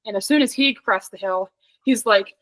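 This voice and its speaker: A young woman from Pennsylvania, a podcast guest, telling an animated story in casual chat, laughing often and saying "like" a lot. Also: mid-range voice, moderate pace, low-quality recording.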